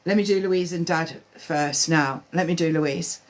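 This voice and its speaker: A woman medium gives spiritual readings on a live stream, speaking haltingly with lots of fillers and restarts. Her voice is deep.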